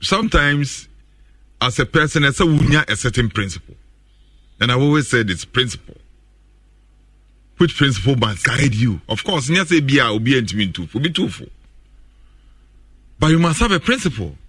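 Ghanaian male panelist, forceful bright tone, keeps repeating his points. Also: medium pitch, big pitch swings, moderate pace, long pauses, slightly rough, no room sound, clean studio sound. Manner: emphatic, repeats himself, stumbles. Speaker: sports radio panelist. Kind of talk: radio sports talk.

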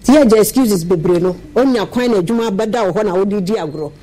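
A Ghanaian woman giving an animated radio talk, preaching to listeners and repeating her points for emphasis. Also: mid-range voice, fast talker, poor audio. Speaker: radio commentator.

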